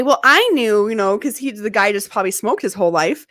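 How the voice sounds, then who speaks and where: A woman's voice: a little high, lively intonation, fast talker, hardly any pauses, a bit bright, no room sound, studio quality. A woman co-hosting a podcast, chatting casually and telling stories about her kids with lots of laughter. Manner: chatty storyteller, laughs often, acts out her kids' voices. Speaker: podcast co-host. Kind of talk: casual chat.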